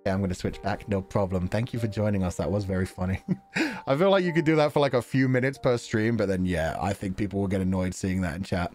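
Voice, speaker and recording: A man's voice: sits low, fast talker, a little mellow, soft background music. A man chatting casually on a livestream, reading chat messages, laughing often and poking fun at himself. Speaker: game streamer reading chat.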